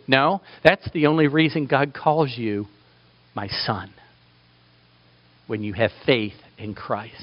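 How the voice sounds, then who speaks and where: A man's voice: medium pitch, fairly even intonation, slow, long pauses, dry recording, dull audio. A man preaching a sermon with passion, building to emphatic peaks. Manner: impassioned, rising to emphatic peaks.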